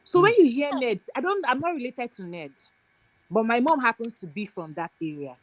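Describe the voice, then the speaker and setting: A woman's voice: on the high side, lively intonation, normal speed, no room sound. A woman from Nigeria, calling in to a live show and explaining her view while checking that the listener understands. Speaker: caller. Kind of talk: call-in commentary.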